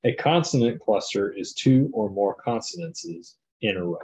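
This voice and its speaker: Low-voiced man reading a textbook aloud. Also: big pitch swings, moderate pace, a little mellow. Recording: dull lo-fi classroom recording.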